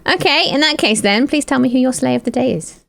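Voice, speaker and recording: Giggly gravelly-voiced woman host. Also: high voice, expressive, a bit bright, no room sound. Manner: giggly, eager, quick reactions. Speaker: podcast host. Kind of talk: casual chat.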